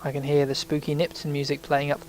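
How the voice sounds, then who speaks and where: Chatty man with a higher voice. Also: completely flat delivery, quick pace, a little mellow, slight background noise. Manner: rambling, chatty, swears when startled. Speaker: let's play host. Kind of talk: casual gameplay commentary.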